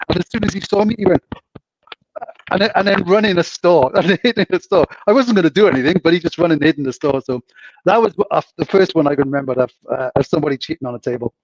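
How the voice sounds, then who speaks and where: A man's voice: high-pitched, no room sound. A middle-aged man, a former casino dealer, telling stories casually with chuckles. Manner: chuckles through stories, acts out voices. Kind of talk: casual storytelling on a live stream. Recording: dull muffled audio.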